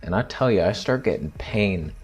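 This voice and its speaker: A young man casually telling a story to camera, crude and joking, dropping into quiet theatrical asides. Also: fairly low pitch, expressive, moderate pace. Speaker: vlogger.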